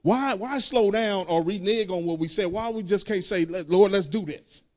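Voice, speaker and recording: A man's voice: high-pitched, moderate pace, darkish tone. A man preaching a sermon, reading scripture aloud and breaking into sung, call-and-response lines in casual speech.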